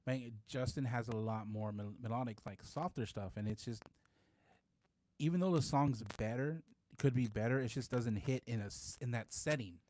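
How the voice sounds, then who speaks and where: A man co-hosting a relaxed talk show, debating music with a friend. He talks in an animated, argumentative way, often cutting in, at a middle pitch. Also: normal speed, dry recording. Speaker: podcast co-host. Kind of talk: casual debate chat.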